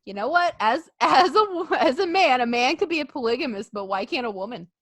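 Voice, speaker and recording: A woman co-hosting a casual wrestling podcast, animated and laughing, acting out others' lines in jokey voices. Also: high voice, a little fast, no echo. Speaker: podcast co-host.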